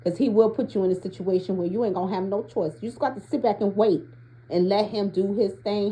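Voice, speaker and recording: A woman with a somewhat low, mellow voice leads a casual spiritual card reading. She moves between reading card text aloud and chatting with her viewers in loose, slangy talk. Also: rough recording. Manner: chatty, slangy, reads aloud from oracle cards. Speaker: spiritual tarot reader.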